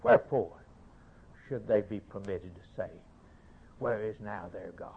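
A man preaching a sermon in a declamatory way, rising to loud questions and falling back to a hushed close. The recording is narrow and tinny, like it came down a phone line. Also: measured pace, creaky, long pauses, husky. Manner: declamatory, swelling to raised rhetorical questions then dropping low.

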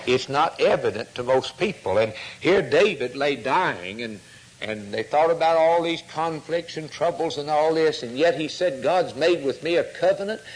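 A man preaching a sermon, fervent and full of rhetorical questions, often dropping to a hushed tone. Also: a little high, animated, normal speed, rough recording.

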